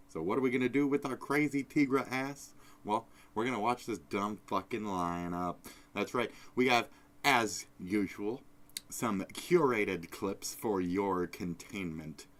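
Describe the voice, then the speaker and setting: Deep-voiced male streamer, crude and rambling, swings from shouts to mutters. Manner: profane, rambling, swings between loud outbursts and mumbles. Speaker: streamer host. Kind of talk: casual live-stream rant.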